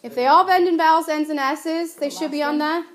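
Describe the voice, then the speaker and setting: Female teacher with a high voice, casual and patient in a classroom lesson. She stretches her example words out. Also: steady tone. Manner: chatty, patient explaining, drawing out example words slowly. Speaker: Spanish teacher. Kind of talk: recorded classroom grammar lesson.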